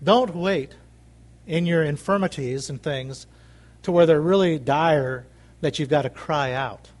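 A man's voice: on the high side, a little slow. A man preaching a sermon, emphatic and repetitive, calling out for amens from the congregation. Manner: emphatic, repeats phrases, calls for amens.

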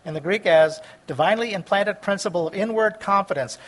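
A man preaching a sermon, reading scripture aloud and explaining it, stumbling over words at times and swinging between loud and soft delivery. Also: sits high, a little fast.

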